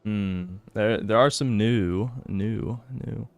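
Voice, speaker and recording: A man's voice: lowish voice, slow pace, vocal fry, no echo. A man streaming a video game, who grumbles, swears at the game and chats casually with his viewers. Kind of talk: casual live-stream commentary.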